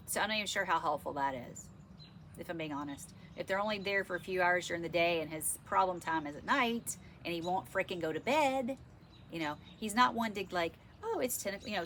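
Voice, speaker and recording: With a congested, stuffy-sounding voice that is low and sharp in tone, a middle-aged vlogger talks to the camera. She rambles frankly in a casual way over slight background noise.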